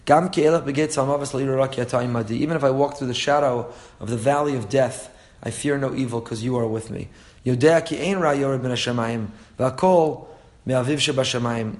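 A man's voice: medium pitch, darkish tone. Earnest man teaching a Torah class. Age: young adult to middle-aged, father of a four-year-old. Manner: earnest, repeats phrases, chuckles at own stories. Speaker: religious teacher. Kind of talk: Torah class, reading texts and translating.

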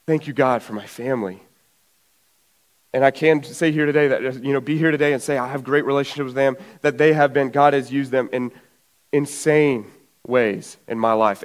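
A man in his twenties preaching a sermon, telling a lively personal story and acting out his family's voices, a little out of breath. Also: medium pitch. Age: 20s.

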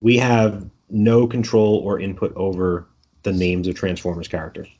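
A man's voice: sits low, level tone, normal speed, dark tone. A man with a Brooklyn accent, interviewed about the game he designs, thoughtful and joking, often restarting his phrases. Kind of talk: conversational interview. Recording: lo-fi audio.

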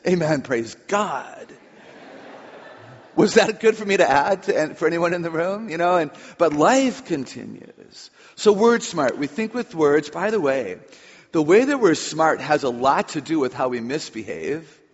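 A woman's voice: low voice, big pitch swings, unhurried, husky. A chatty woman speaker on stage, playful and drawing in her audience. Her voice rings through a big hall with long reverb and a dull, lo-fi sound. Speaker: author and speaker on children. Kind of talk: humorous talk to a live audience.

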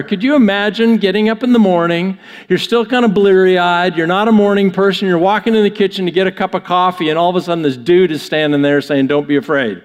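A man's voice: sits high, long reverb tail. A man preaching a sermon, reading scripture aloud and then riffing on it in a conversational, joking way. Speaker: pastor.

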